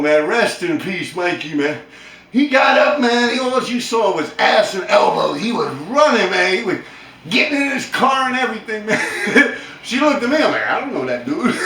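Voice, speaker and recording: A man's voice: high-pitched, pushed and bright, reverberant, recorded from a distance, slight background noise. A man telling a funny story in casual, profane street slang, laughing hard as he goes. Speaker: storyteller vlogger.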